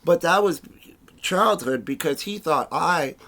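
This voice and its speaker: A man's voice: fairly high pitch, lively intonation, a little slow. Agitated rambling man. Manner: rambling and disjointed, full of "you know" and "right?" tags; swings between mumbling and loud, agitated bursts. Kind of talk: rambling spoken monologue.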